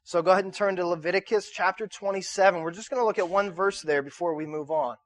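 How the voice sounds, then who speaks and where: Preaching quickly in a high-pitched voice, a male pastor keeps his sermon conversational, posing questions for the congregation to answer back. He frequently repeats words when he restarts a thought.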